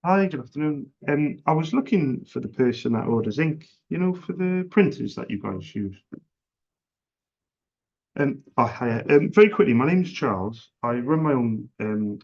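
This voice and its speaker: A man's voice: mid-range voice, lively intonation, moderate pace, darkish tone. A man who runs a small business, chatting casually and making a sales call, earnest and repeating himself as he talks. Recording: dull lo-fi recording.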